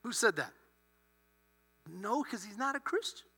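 A man preaching with a very high, sharp, ringing voice, acting out the characters as he tells the story. His sermon echoes with a long reverb through a church hall over a low mains hum. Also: a little slow, breathy edge. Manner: animated, acts out characters' lines. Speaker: pastor.

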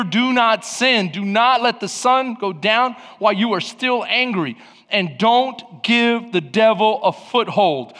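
Animated high-voiced preacher in a big hall. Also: male voice. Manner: animated storytelling, bursts of shouting. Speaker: pastor. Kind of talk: sermon.

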